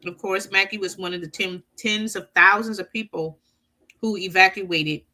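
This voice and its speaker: A middle-aged woman co-hosting a relaxed talk show reads a news article aloud in a bright, clear voice at medium pitch and normal, steady speed, occasionally stumbling and restarting. Between passages she chats easily with her co-host and laughs warmly.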